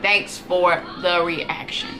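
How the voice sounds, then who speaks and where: A woman's voice: fairly low pitch, steady tone, slow pace, noisy background. A young American woman co-hosting a casual chat, reading viewer comments and answering them bluntly. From United States.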